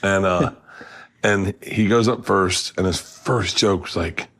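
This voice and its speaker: A man in his fifties hosting a podcast, telling a funny story in a casual, animated way, often laughing and acting out other people's lines. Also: takes it slowly. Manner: animated storyteller, acts out quotes with big pitch jumps, laughs often. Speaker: podcast host.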